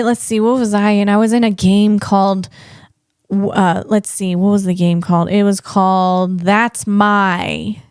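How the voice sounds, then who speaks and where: Slow, chatty woman comedian. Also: medium pitch, clear, resonant tone, no echo, studio quality. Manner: rambling, self-deprecating, chuckles at own jokes. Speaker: podcast host and comedian. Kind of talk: casual solo chat.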